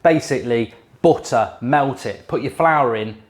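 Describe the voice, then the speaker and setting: A man's voice: medium pitch, measured pace. Exasperated man ranting in his kitchen. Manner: exasperated, swears mildly, mocks others in impressions. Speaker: YouTube host cooking on camera. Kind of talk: casual ranting storytelling while cooking. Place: home kitchen. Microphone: handheld camera.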